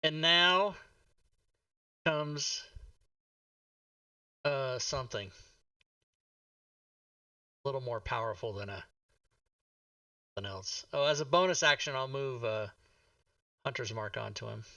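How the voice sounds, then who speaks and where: A man playing in a casual tabletop game, excitable, swearing freely and laughing as he talks, heard from a slightly distant mic. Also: medium pitch, takes it slowly, long pauses, no room sound. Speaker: player.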